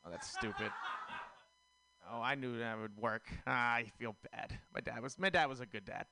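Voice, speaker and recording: A man's voice: mid-range voice, moderate pace, creaky, noisy background. A man doing a stand-up comedy set on a club stage, rambling and full of fillers. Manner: rambling, filler-heavy delivery. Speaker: stand-up comic.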